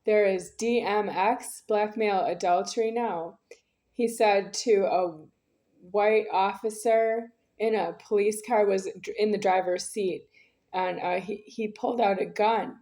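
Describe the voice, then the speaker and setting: A woman's voice: mid-range voice, steady tone, measured pace, mellow. A woman talking in a rambling spoken monologue, insistent and circling back over the same phrases.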